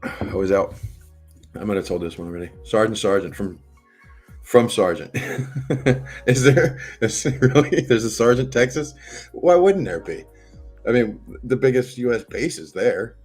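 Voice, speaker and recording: A middle-aged American man with a low, deep voice chats loosely to his stream audience. He wanders from story to story and swears freely, while faint music plays under him. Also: moderate pace, a little mellow, breathy edge. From United States. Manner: rambling, profane, chatty storytelling. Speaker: livestream host. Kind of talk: casual chat to a live audience.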